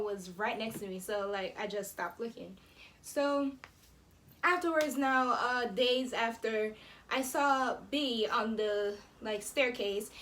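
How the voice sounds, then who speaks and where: A high-side, somewhat bright voice belongs to an eighteen-year-old vlogger from Jamaica, heard over slight background noise. Telling a story to camera, she stays chatty and casual, leaning heavily on fillers like "um" and "like."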